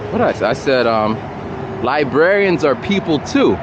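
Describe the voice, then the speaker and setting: A man's voice: mid-range voice, moderate pace, background noise. Guy rambling a story on a walk, voice jumps all over, muffled cam audio, cars faint behind. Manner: animated, rambling, repeats himself. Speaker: vlogger. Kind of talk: casual storytelling while walking. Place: outdoors by a road with traffic. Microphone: camera or phone mic, no separate mic. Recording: dull lo-fi camera audio.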